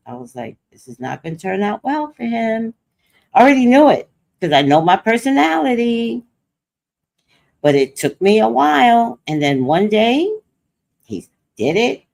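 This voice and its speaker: With a gravelly, slightly high voice, an older woman hosting a livestream chats casually through a personal story. She tells it with animation, quoting and acting out others' words.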